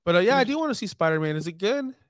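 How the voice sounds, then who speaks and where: A man's voice: sits high, expressive, racing, no room sound. A man in casual chat, joking and swearing, talking animatedly.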